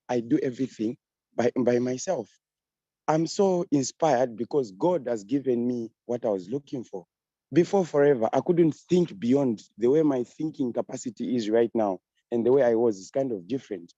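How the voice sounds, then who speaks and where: Young man, earnest testimony, very dark tone, dry muffled video-call sound. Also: medium pitch, no room sound. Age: young adult. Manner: earnest, repeats phrases, restarts, emphatic. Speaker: guest speaker giving a testimony. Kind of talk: online business meeting testimony.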